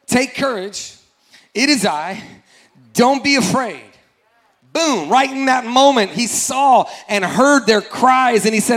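High-voiced animated male preacher. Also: slow pace. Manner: animated, acts out scripture voices, repeats phrases, calls congregation to respond. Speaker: pastor. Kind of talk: energetic sermon.

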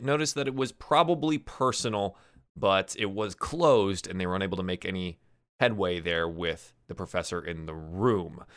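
A man acting as game master, recapping the story in a relaxed, hesitant way full of ums and uhs. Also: low-pitched, clean tone, no room sound, clean studio sound. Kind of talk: narrating a tabletop game recap.

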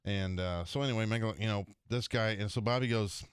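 A man on a radio golf show spinning a story, lively and acting out the voices of the people in it. His voice sits a little low, and the studio sound is dry and close. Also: a little fast, clean tone, dry recording. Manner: animated storyteller doing character voices. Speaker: golf radio show regular, tour pro. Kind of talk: casual storytelling chat.

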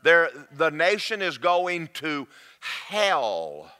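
A man preaching a sermon to a congregation, swinging between loud shouts and quiet, confiding asides. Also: fairly high pitch, huge pitch swings, drawn-out words, smooth.

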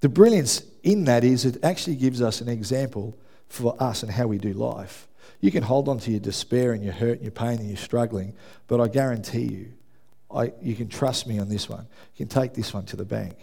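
A man preaching a sermon in a church, telling lively stories and acting out quotes with self-mocking asides. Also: medium pitch, vocal fry. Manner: animated storytelling, acts out shouted quotes, self-deprecating asides. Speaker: pastor. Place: church hall with congregation.

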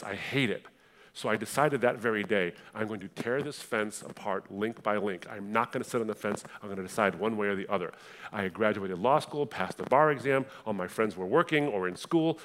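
A young adult man from the Middle East giving a passionate personal testimony in a sermon style, moving between hushed and fiery delivery. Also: medium pitch.

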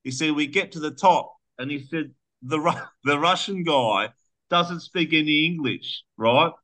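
A man with a bright, forceful voice retells a story on a podcast. He rambles casually, restarting phrases and dropping the odd curse as he goes. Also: a little high, a little slow. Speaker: podcast co-host.

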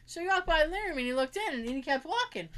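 A young woman with a bright, high voice chats casually. She tells family stories with lots of energy, puts on voices for her relatives, and laughs and swears freely. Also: expressive, very fast. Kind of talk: casual storytelling chat.

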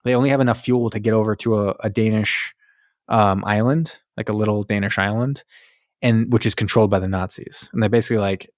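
Animated, swearing man recapping a film. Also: lowish voice, fairly quick, no room sound, studio quality. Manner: animated storytelling, acts out lines, swears and laughs. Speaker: podcast co-host. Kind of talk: casual chat recapping a film.

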